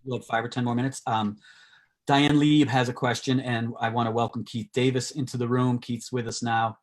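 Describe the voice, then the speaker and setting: A man hosting an online talk show, asking halting questions full of fillers over a video call. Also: medium pitch, flat delivery. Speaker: host.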